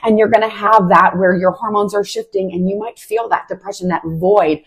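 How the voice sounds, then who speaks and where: Husky-voiced woman sharing a faith testimony. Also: medium pitch, measured pace. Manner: casual and heartfelt, many "like" fillers. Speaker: Christian podcast host.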